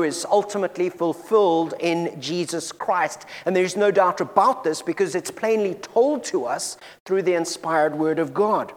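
A man preaching a sermon to a congregation in a church room, earnest and often repeating words as he goes, slowing down for scripture readings. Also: fairly high pitch, in a large hall.

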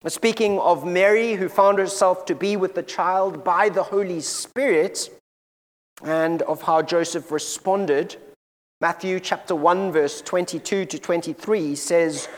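Guy preaching a sermon, kinda high voice, earnest, trips over his words a lot, hall echo. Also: fairly even intonation. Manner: earnest, stumbles and repeats words, slows for scripture readings. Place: church room.

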